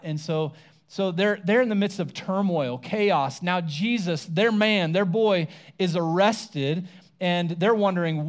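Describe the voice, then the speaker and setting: A man's voice: sits high, slow. A man preaching a sermon in a casual, conversational way, retelling scripture and acting out the characters' lines. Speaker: pastor.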